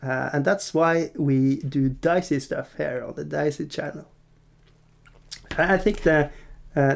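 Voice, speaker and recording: Giggly hobby host with a gravelly voice. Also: male voice, fairly high pitch, a little mellow. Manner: self-deprecating, laughs often, hesitant restarts. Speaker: miniature painting channel host. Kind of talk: rambling casual chat. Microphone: desk mic in front of green screen.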